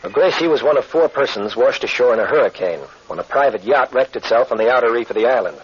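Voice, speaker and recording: An actor playing a steady, commanding adventurer captain, in 1940s radio acting on a dull old recording. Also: male voice, mid-range voice, quick pace, husky. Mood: firm.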